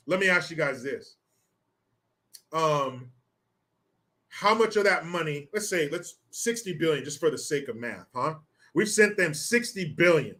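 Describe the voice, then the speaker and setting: A man from the United States rants through political commentary in a high, bright, forceful voice. He is combative and sarcastic, swears freely, and fires off questions to his viewers. He reads their comments aloud between outbursts. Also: animated, unhurried, pauses often.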